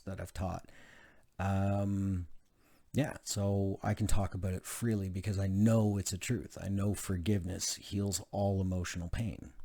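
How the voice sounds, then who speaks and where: A man's voice: sits low, creaky, dark tone, breathy edge. A man reading aloud from a book, with casual asides and frequent fillers. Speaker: channel host reading a self-help book.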